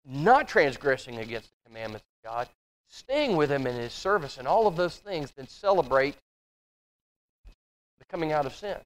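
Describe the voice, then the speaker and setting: A fairly high-voiced man leads a church Bible study, talking it through conversationally. He stops to read scripture aloud, then explains it, often repeating words and restarting. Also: sing-song, normal speed. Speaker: Bible class teacher. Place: church classroom.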